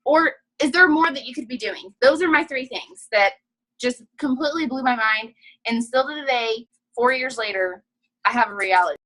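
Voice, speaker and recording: A woman's voice: on the high side, normal speed, low-quality recording. A young woman giving a casual, upbeat training talk over a video call, chatty and full of "you know". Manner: breaks off to quiet her child. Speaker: guest trainer.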